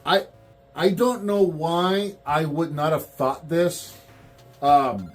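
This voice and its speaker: A man's voice: on the high side, takes it slowly. A man hosting a toy review channel, chatting casually and acting out what people said. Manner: animated storyteller, acts out quotes. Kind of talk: casual chat.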